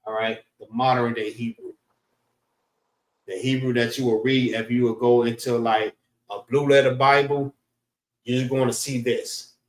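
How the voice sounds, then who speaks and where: A man teaching a class in a slow, repeating way, often saying "all right" and sounding out words. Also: mid-range voice, flat delivery. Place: class room in a library. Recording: roomy echo, voice from far off the mic.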